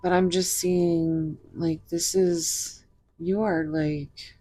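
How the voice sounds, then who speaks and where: Slow, low-voiced woman reading tarot. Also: flat delivery, dark tone. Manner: rambling, giggly, talks to viewers directly. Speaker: tarot reader. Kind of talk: casual tarot reading to camera.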